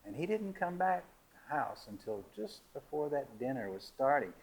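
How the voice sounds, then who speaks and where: An older man tells a personal story in a lively, easygoing way. He chuckles as he goes, and his voice climbs high at the comic peaks. He sits in a middle pitch for a man. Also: normal speed, slight background noise, low-quality recording. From Georgia, USA. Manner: lively, laughing, rising high on funny moments.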